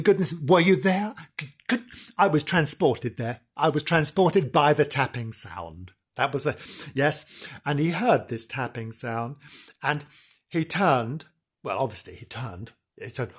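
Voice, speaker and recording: A man's voice: medium pitch, expressive, a little slow, husky. A man hosting a comic radio-style show in a camp, rambling, mock-dramatic way. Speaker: host.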